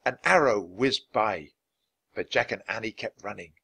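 A man narrating a children's storybook aloud, expressive and switching voices for each character. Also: lowish voice, moderate pace, gravelly, slightly rough. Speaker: audiobook reader.

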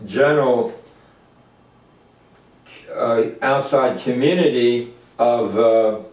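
Slow, halting older man teaching Torah. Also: mid-range voice, darkish tone. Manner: halting, many fillers and restarts. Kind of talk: informal religious lecture. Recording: echoey room, distant mic.

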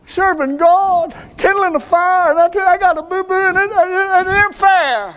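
A preacher voicing a self-pitying churchgoer who whimpers about his hurt in a high pleading tone. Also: moderate pace, a bit bright, slight background noise. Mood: whiny.

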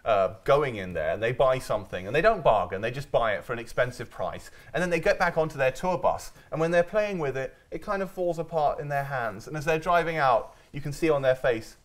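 A man's voice: medium pitch, expressive, brisk, hardly any pauses. A man hosting a comedic news panel show, bantering with guests in a teasing, sarcastic way. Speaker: host.

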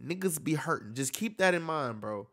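A man's voice: a little high, lively intonation, normal speed, fairly bright tone. Earnest, slangy man reacting on camera. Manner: emphatic, earnest, heavy slang and swearing. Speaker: reaction video host. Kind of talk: casual reaction commentary.

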